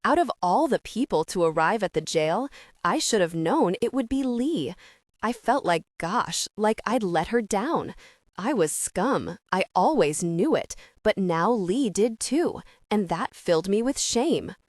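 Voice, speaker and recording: A woman's voice: mid-range voice, lively intonation, measured pace, no echo. Woman narrating an audiobook in a dry booth. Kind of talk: first-person audiobook narration.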